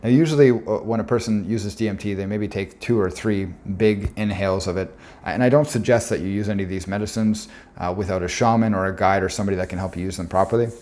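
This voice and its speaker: Man, deeper than most, earnest reflective storyteller presenting a talk, pauses on fillers. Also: a little mellow.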